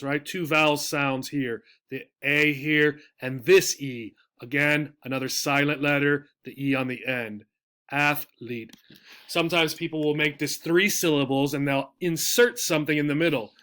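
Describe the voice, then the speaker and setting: A man teaching an English pronunciation lesson, patient and explanatory. He often repeats words slowly and checks in with "right?". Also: fairly high pitch, fairly bright tone.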